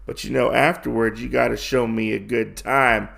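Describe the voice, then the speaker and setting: A man voicing a sleazy male bar patron in a loud, smarmy tone. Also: medium pitch, steady tone, normal speed, creaky. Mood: leering. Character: sleazy leering male drinker.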